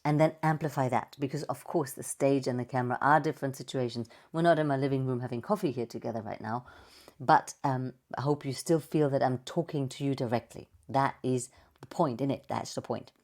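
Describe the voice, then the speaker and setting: Low, mellow-voiced woman speaking coach. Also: fairly quick. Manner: playful, expressive, demonstrates vocal examples. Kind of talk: online coaching presentation with slides.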